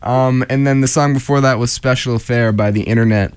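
A young man hosting a late-night college radio show, chatting in a relaxed, joking way with frequent laughs. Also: mid-range voice, brisk, clear, resonant tone, no room sound. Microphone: studio microphone.

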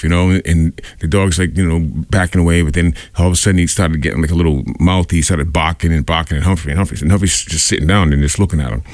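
A low-voiced man tells a wandering story on his radio program, leaning on fillers and acting out the voices of those involved. The recording carries no room sound.

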